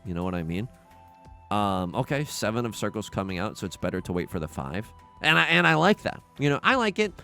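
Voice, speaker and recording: A man commentating live on his own tile game, excitable and jokey, yelping at setbacks and muttering while he counts tiles. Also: lowish voice, brisk, soft background music. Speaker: streamer playing a tile game.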